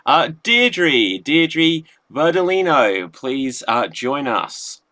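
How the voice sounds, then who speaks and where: A male host with an ordinary mid-range voice, thanking acts and bringing on the next one. He talks in quick, stop-start bursts over a video call. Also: mid-range voice, big pitch swings, sharp tone. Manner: hurried, friendly, stop-start introductions. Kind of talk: hosting a live online comedy show.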